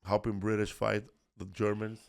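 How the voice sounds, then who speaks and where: A man's voice: lowish voice, flat delivery, normal speed, creaky, clean tone. A man hosting a comedy history podcast in casual chat, rambling with lots of fillers, restarts and swearing. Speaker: podcast host.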